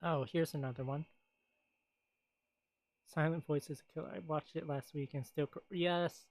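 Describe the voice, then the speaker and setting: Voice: medium pitch, fairly even intonation, moderate pace, no echo. A streamer in casual stream chat, rambling along with frequent laughs and sighs.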